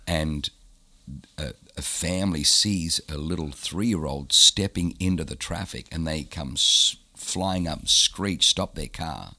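A man being interviewed, telling a personal story in an animated way and repeating phrases for emphasis. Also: a bass voice, unhurried. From born in Germany, raised in Australia. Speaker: guest, pastor.

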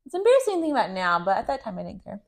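A woman's voice: mid-range voice, wildly swooping pitch, racing. An American woman co-hosting a podcast, chatting casually, swearing now and then and laughing often. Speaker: podcast co-host. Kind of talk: casual chat.

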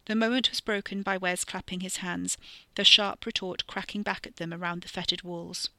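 Woman storyteller, lowish pitch, bright forward tone, measured narration, dry close mic. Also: fairly even intonation, no echo. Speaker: podcast storyteller. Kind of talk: scripted fiction narration.

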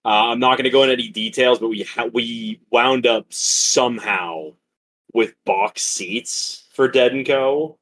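A young man in an easygoing podcast chat, with a voice of ordinary middle pitch. He drawls slang, jokes along, and echoes his co-host's lines. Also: measured pace, fairly bright tone. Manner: laid-back, echoes and riffs on the other host's lines. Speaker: podcast co-host. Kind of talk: casual chat.

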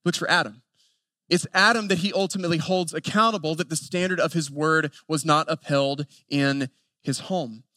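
High-voiced Appalachian male preacher. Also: steady tone, sharp tone, no room sound. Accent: Appalachian North Carolina. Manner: earnest, building lists with emphatic pauses. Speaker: pastor. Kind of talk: sermon.

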